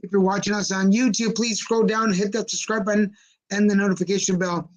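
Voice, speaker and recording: A man co-hosting a casual talk show livestream, easygoing and slowing down to spell out details. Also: high voice, flat delivery, low-quality recording. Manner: easygoing, slows down when promoting. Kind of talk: casual chat. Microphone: livestream setup.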